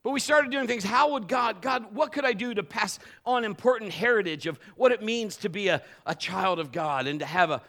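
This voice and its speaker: High bright-voiced middle-aged male pastor. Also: a little fast, hardly any pauses. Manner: emphatic preaching, building to fervent exhortation. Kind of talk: live sermon. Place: church service.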